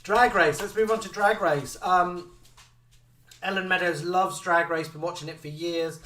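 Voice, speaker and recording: A man co-hosting a live chat show, reading out viewer comments in an animated way. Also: high voice, measured pace, distant mic. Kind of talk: casual live-stream chat. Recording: echoey room, away from the mic.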